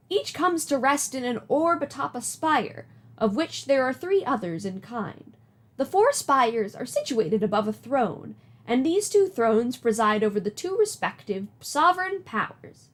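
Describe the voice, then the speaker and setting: A woman's voice: high voice, exaggerated voice. A woman voicing a wise older grandmother spirit, speaking in a theatrical, solemn storytelling lilt.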